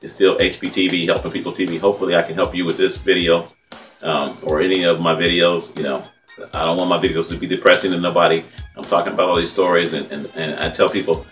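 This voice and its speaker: A man's voice: sits low, steady tone, quick pace, fairly bright tone. A man in his fifties from California, an independent journalist hosting his own vlog, talking in a rambling, heartfelt, conversational way with frequent "man" asides. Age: 50s. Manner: conversational, repetitive, heartfelt, says "man" often. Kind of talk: casual rambling commentary. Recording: distant mic with faint music behind.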